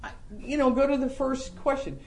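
Animated middle-aged man teaching scripture. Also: very high-pitched, moderate pace, gravelly. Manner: animated, rhetorical questions, joking asides. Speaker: Bible class teacher. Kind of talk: sermon-style Bible lesson.

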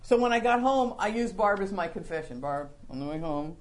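A man gives a relaxed, conversational sermon with folksy humor. He acts out little quoted scenes and drops to a hushed, low voice for the heartfelt parts. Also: a little fast. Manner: folksy and humorous, acting out quoted lines, dropping soft and low for confessions. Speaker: preacher.

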